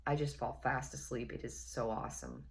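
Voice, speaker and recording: Storytelling vlogger, woman with an unusually low voice, chatty and wry delivery. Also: sing-song, a little fast, creaky. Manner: chatty, wry, repeats phrases for effect. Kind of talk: casual personal storytelling.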